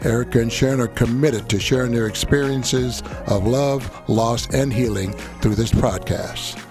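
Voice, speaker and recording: A man reading a formal, scripted introduction for a podcast in a measured voice. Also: mid-range voice, vocal fry. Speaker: show announcer. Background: music.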